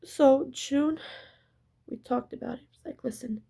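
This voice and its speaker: A spiritual storyteller speaks directly to her viewers in an intense, emphatic story-time monologue, casual in style, where she repeats herself and curses. Her high voice has vocal fry and a dark tone, with fairly even intonation and a measured pace.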